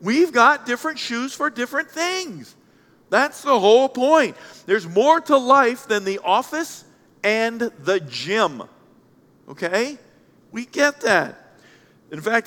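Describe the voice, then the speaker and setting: Animated pastor in a reverberant hall. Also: male voice, very high-pitched, a little slow. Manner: animated and joking, swinging from loud outbursts to quiet asides. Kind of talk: sermon.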